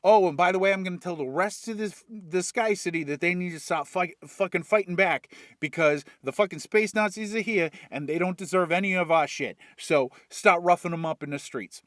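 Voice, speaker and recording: A man's voice: high-pitched, fairly quick, hardly any pauses, fairly bright tone, dry recording, clean studio sound. A man retelling a story as a comedy bit, profane and rambling with jokey asides. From Worcester, Massachusetts. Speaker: comedic recapper.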